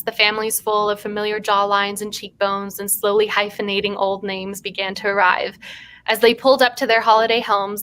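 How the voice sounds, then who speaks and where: A woman hosting a writing stream, reading her own short story aloud with animated asides and frequent laughter. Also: mid-range voice. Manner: animated, laughs often between passages. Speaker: writer and stream host.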